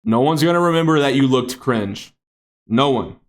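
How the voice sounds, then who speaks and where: A man's voice: medium pitch, expressive, normal speed. A young man teaching a class in casual, blunt talk, swearing freely and calling on his students directly. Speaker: instructor for aspiring music artists.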